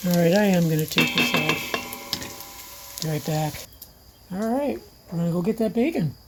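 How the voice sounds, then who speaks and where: Retired woman in her 60s, homey cooking vlogger, slow unhurried delivery, lowish voice, faint background hum. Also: lively intonation. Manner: chatty, homey, talks while eating. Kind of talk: casual cooking vlog. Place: home kitchen.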